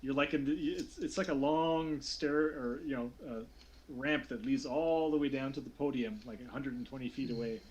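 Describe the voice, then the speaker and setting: A man's voice: medium pitch, normal speed, lo-fi sound, slight background noise. A young man running a tabletop game as game master, talking with many fillers and restarts.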